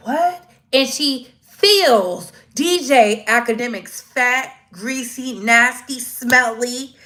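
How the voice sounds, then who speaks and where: A woman giving casual live-stream commentary, slangy and animated, acting out quoted voices as she goes. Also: a little high.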